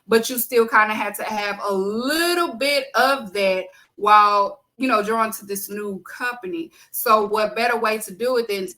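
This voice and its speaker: Bright-voiced woman hosting a wrestling podcast. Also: mid-range voice, a little slow, hardly any pauses, low-quality recording. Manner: emphatic, repeats key points, conversational fillers. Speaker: podcast host. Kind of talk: casual solo wrestling commentary.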